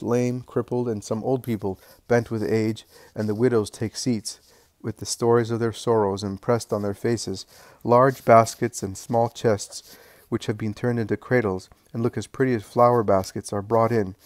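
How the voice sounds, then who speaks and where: A man reading a religious story aloud as narrator, in an even, solemn way. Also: fairly low pitch, no room sound, clean studio sound. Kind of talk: scripted narration.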